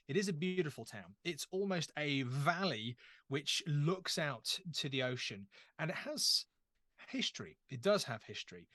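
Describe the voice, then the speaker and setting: A man's voice: medium pitch, animated, normal speed, pushed and bright, dry recording. A young man running a tabletop horror game as game master, chatty and self-deprecating as he sets the scene. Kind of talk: actual-play game narration.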